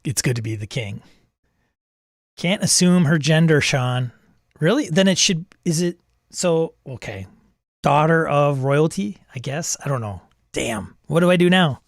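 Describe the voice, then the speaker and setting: A man's voice: fairly high pitch, animated, a little slow, creaky, no echo, studio quality. A man hosting, reading a text adventure aloud and reacting, wry and self-amused, chuckling at the game. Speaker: host.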